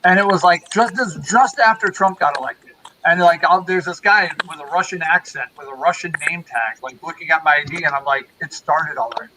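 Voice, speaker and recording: Animated storytelling man in his forties. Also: on the high side, fairly quick. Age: 40s. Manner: animated storyteller, acts out quoted voices. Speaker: podcast host. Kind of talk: casual chat. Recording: noisy podcast audio.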